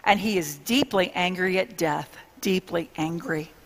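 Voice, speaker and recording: A woman preaching a sermon, speaking to her listeners in an earnest, intimate way with hushed pauses. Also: on the low side, in a large hall.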